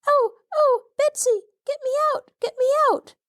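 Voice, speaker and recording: A woman's voice: very high-pitched, steady tone, moderate pace, pitched above the performer's own voice. A woman voicing a frightened little girl trapped in a pit, sobbing and pleading. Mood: sobbing, terrified.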